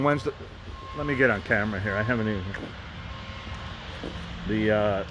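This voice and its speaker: A man's voice: medium pitch, fairly bright tone, a little hiss or hum. A man live-streaming from a phone outdoors, rambling casually with frequent restarts and asides. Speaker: vlogger and fan group host.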